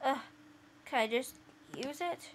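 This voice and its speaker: A woman's voice: high voice, takes it slowly, a little hiss or hum, low-quality recording. A woman chatting playfully through a let's play, with quirky asides while reading the game's lines. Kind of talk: casual gameplay commentary.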